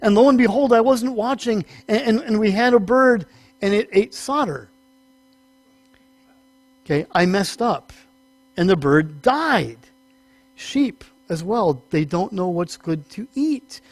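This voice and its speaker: A male pastor with a high, light voice preaches in a relaxed, story-driven way, joking with his congregation between points. The sound is dry and close, with a faint mains hum underneath. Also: a little slow, pauses often, dry recording. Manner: chatty storytelling with humorous asides; animated, acts out small voices in stories. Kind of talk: sermon teaching.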